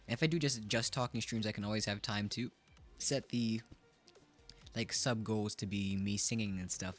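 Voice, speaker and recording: A man in his twenties chatting casually on a live stream, playful and joking at his own expense. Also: lowish voice. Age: 20s. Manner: playful, joking, self-mocking. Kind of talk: casual chat.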